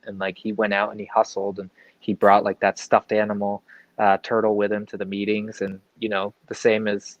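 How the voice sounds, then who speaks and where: A man's voice: lowish voice, completely flat delivery, brisk, dry recording. A man appearing as a guest in a casual interview, rambling conversationally with lots of fillers and asides. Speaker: guest comic book creator. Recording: dull, dry lo-fi sound.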